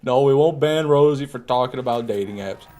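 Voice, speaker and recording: A man's voice: medium pitch, a little fast, a little mellow, a little hiss or hum. A man streaming a video game live, chatting casually, joking and answering his chat as he plays. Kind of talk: live gameplay commentary.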